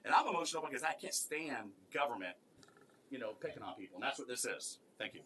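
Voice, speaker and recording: Impassioned male commissioner pushing back in a board debate; bright, forceful tone. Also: medium pitch, fast, a little hiss or hum. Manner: impassioned, rising to forceful protest. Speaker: county commissioner. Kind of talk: public meeting debate.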